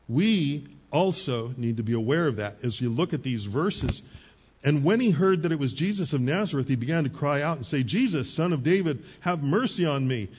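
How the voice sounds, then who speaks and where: A middle-aged male pastor preaching a sermon in a conversational storytelling manner, with quick asides to the congregation. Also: medium pitch, a little mellow, husky.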